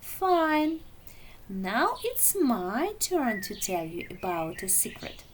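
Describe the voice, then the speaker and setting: A woman's voice: a little high, sing-song, takes it slowly, a little hiss or hum. Woman doing a jumpy little pug puppy. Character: timid boastful little male pug puppy. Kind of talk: children's storybook reading.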